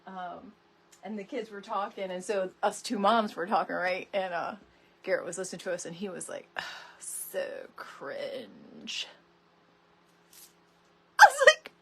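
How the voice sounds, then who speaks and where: A middle-aged woman hosting a casual craft tutorial livestream, chatty and animated, greeting viewers by name from her home craft room. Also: mid-range voice, breathy edge. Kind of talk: casual live crafting chat.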